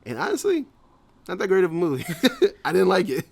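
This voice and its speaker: A man's voice: high-pitched, huge pitch swings, a little fast, creaky, darkish tone. A man co-hosting a casual podcast, rambling with many fillers and frequent laughs. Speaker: podcast co-host. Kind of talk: casual chat.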